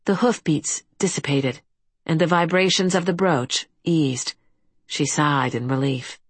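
Woman reading fantasy audiobook, lowish voice, dry close mic. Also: unhurried, slightly rough, dry recording. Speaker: audiobook narrator. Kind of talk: scripted fantasy narration.

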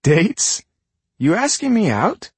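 A man voicing a dry, guarded teenage girl in an audiobook, speaking deadpan and teasing. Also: mid-range voice, normal speed, husky, dry recording, full character voice.

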